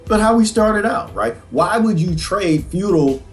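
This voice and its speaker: A man hosting a podcast, commenting on played clips in an animated, preachy, folksy way. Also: sits high, a little slow, soft background music. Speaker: podcast host.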